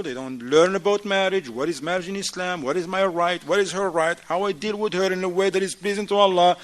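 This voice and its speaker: Lively higher-voiced man preaching casually. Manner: conversational, acts out dialogue, swings loud and soft. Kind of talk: informal sermon.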